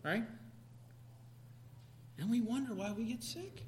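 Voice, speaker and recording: A man preaching a sermon, animated, swinging from quiet asides to sudden loud outbursts. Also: high voice, measured pace, long pauses, a little hiss or hum. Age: adult parent.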